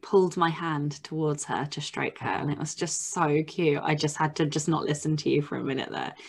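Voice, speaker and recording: A woman's voice: low-pitched, fairly quick, creaky, slightly rough. A woman co-hosting a podcast, chatting casually and wryly, worn out and tired. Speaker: podcast co-host. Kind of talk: casual chat.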